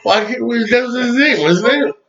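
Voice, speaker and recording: Man, laughing podcast co-host, lively pitch, muffled lo-fi sound. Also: moderate pace. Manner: giggly, laughs often, restarts. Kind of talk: casual chat. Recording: dull lo-fi sound.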